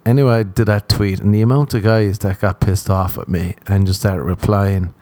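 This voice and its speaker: An Irish man in a podcast-style recording, telling a comic story in a low, warm, mellow voice. He acts out each exchange and laughs as he goes. The sound is close and dry. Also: normal speed, no echo. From Ireland. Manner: animated, acts out dialogue with frequent laughter. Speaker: podcast host. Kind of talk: casual comedic storytelling.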